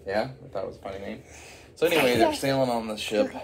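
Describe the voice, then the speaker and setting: A man's voice: fairly low pitch, quick pace, gravelly, crowd noise. A man improvising a silly story, rambling with many fillers and asides.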